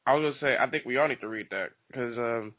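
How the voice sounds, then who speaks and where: Man hosting, mid-pitched, hesitant fillers, phone-like sound. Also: fast. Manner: hesitant, many fillers, slangy. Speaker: radio show host. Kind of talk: casual interview chat.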